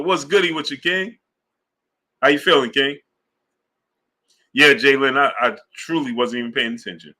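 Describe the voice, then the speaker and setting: A man hosting a sports live stream, chatting casually in slang and shouting out viewers by name. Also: medium pitch, fairly even intonation, moderate pace, pauses often. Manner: laid-back, slang-heavy, shouting out viewers. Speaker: sports channel host. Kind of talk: casual live-stream chat reading super chats.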